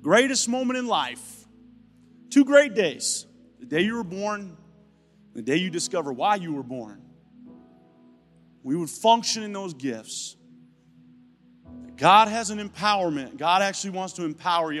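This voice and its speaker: Animated pastor preaching in a hall. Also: male voice, sits high, a little slow, long pauses. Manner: animated, storytelling with playful asides. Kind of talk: sermon. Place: church sanctuary. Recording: live church hall with music.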